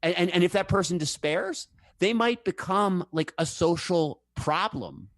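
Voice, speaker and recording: A man in casual conversation, telling animated stories, acting out the voices he quotes, and restarting his sentences often. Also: sits high, unhurried, dry recording, studio quality. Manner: animated storyteller who acts out quoted voices; frequent restarts and fillers.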